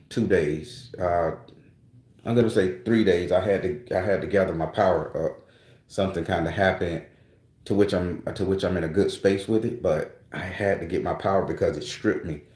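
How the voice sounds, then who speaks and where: A man's voice: low voice, darkish tone, roomy sound. A man hosting his own channel, talking casually and loosely to his viewers, with rambling restarts and frequent swearing. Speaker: spiritual channel host.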